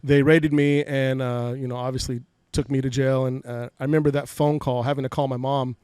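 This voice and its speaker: Brisk and mid-range, this man's voice shows little pitch movement and has a slightly mellow, clean tone. He's in his forties, from Fresno, California, and appears as a podcast guest candidly sharing emotional life stories while often repeating words. The personal storytelling interview is recorded on a podcast studio mic with no room sound.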